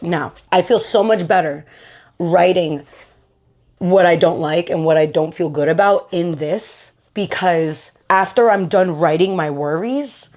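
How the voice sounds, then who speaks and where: A woman's voice: lowish voice, unhurried, a little mellow. A young woman vlogger talking casually to camera, giving blunt, slangy self-help advice and laughing at herself. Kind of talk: casual motivational talk to camera.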